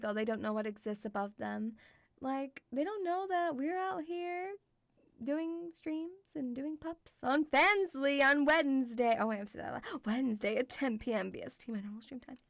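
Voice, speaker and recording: In a clean recording with no room sound, a young woman with a high voice talks casually on her VTuber stream. Her chat meanders, packed with fillers and profanity.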